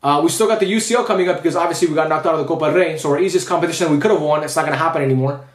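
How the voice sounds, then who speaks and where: A man's voice: fairly high pitch, rapid-fire, reverberant. A young man ranting after a football match as a fan vlogger, frustrated and repetitive, swearing often. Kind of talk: post-match rant.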